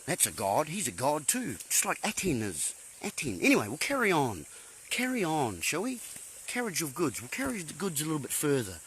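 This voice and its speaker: Husky man, high lively voice. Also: brisk, a little hiss or hum, rough recording. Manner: playful punning wordplay, rhetorical questions, sudden exclamations. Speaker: live-stream host. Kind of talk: rambling live-stream monologue.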